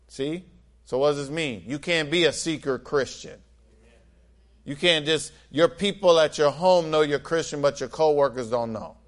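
Man preaching with lively call-and-response. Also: fairly high pitch. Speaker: pastor. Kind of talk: sermon.

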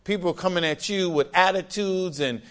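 Man preaching with lively call-and-response. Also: high-pitched, moderate pace. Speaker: pastor. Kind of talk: sermon.

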